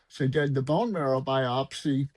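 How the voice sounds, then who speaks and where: A man's voice: mid-range voice, normal speed, no echo, poor audio. A middle-aged man, a podcast guest, telling his life story casually with plenty of "you know" fillers. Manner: conversational, with fillers.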